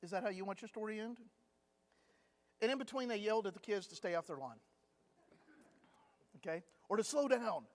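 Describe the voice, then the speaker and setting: A man's voice: high-pitched, animated, brisk, long pauses. A man teaching a conversational Bible class, telling anecdotes with humor in a chatty storytelling way. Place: church classroom. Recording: long hall reverb.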